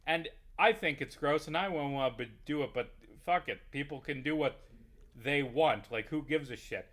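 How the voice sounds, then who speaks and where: Ranting, profane man with a high voice. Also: moderate pace, fairly bright tone. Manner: heated, profane, rambling rant. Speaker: YouTuber playing a game. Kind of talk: ranting gameplay commentary.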